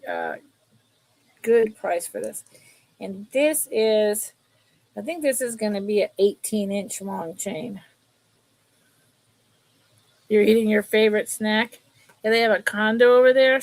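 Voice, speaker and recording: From California, a middle-aged woman hosts a live stream selling vintage jewelry, rambling casually among viewers, her cat and the pieces she holds up. Her medium-pitched voice moves at a measured pace with long pauses, and the recording quality is low.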